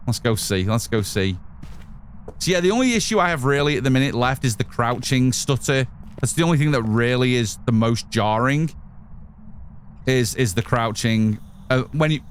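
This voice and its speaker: A man with a medium-pitched voice streams a game, keeping up a chatty live commentary for his chat and for himself. Slight background noise can be heard.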